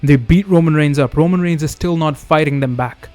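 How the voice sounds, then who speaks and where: A man hosting a wrestling video, narrating a made-up storyline in a steady storytelling way. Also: fairly high pitch, a little fast, no room sound, soft background music. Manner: steady storytelling, reads quotes in his own voice. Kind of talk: fantasy booking narration.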